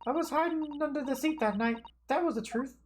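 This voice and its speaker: A man voicing a tough teenage Cockney street girl who comes out sounding like a middle-aged woman, in rough slangy speech. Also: very high voice, a little fast, a little hiss or hum, pitched above the performer's own voice. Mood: frightened. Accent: put-on Cockney. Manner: rough slangy telling with dropped grammar. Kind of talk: game dialogue read aloud on a stream.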